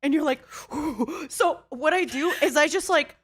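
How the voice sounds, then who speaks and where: A young woman hosting a casual chat on her stream, giggly and animated, laughing often. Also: high voice, unhurried. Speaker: VTuber host. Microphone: XLR microphone.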